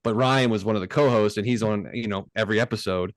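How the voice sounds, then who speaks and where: A male podcast co-host in casual chat, telling stories quickly with many fillers like "like" and "um.". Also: lowish voice, no echo, clean studio sound. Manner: quick, filler-heavy storytelling.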